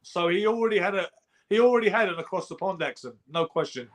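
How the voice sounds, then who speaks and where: A man co-hosting a boxing chat show. He talks quickly in a fairly high voice. He presses every point with emphatic insistence. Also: animated, a bit bright. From England. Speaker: podcast co-host.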